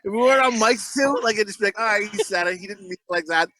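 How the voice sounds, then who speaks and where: Heard through poor audio, a man in his thirties with a high, pushed, bright voice talks quickly as a podcast co-host. In casual banter he rambles through crude stories full of fillers.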